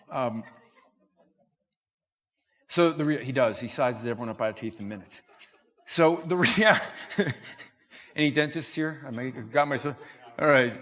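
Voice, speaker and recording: A man giving a conference talk at a church, telling a story and acting out the dialogue in an animated way. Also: mid-range voice. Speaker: conference speaker. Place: church hall. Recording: reverberant church hall.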